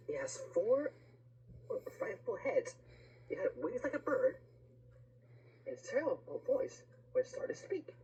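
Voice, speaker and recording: A woman reads a rhyming picture book aloud, her voice swooping wildly up and down. She pauses for little asides to the listener, over a faint background hum. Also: medium pitch, warm tone, rough recording.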